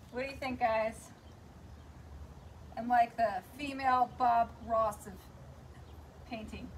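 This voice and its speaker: Woman, high voice, chatty live streamer, self-mocking, faint background noise, phone camera. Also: fairly bright tone. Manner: chatty, self-mocking, talks to her dog and viewers. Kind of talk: casual live-stream chat. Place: outdoors at home. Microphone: handheld phone camera.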